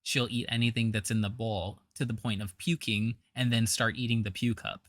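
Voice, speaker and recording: A man's voice: medium pitch, fairly even intonation, moderate pace, fairly bright tone, no echo, clean studio sound. A man giving blunt, scornful reaction commentary, with a trained singer's voice.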